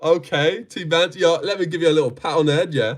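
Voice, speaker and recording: A man's voice: a little high, a little fast. A young man hosting a casual livestream, bantering brashly and profanely with his chat as he reads their comments. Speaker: livestream host.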